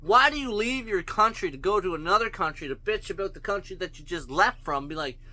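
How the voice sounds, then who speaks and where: A man's voice: high-pitched, expressive, fairly quick, pushed and bright. A man, ranting angrily and bluntly, with plenty of swearing, in a solo video. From Canada. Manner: angry, blunt, profane ranting. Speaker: vlogger. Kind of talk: solo rant to camera.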